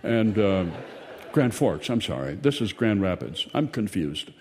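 Slow, wry older male storyteller. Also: lowish voice, sing-song, darkish tone, a little hiss or hum. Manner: slow, rambling, self-correcting, wry. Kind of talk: spoken storytelling monologue. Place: outdoors in sunshine.

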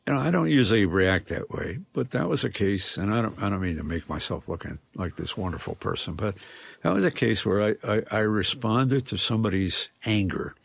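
A man's voice: on the low side, expressive, creaky, breathy edge, no room sound. A man speaking as an interview guest, thoughtful and reflective, often restarting his sentences. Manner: thoughtful, halting, many restarts. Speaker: guest, philosopher and educator.

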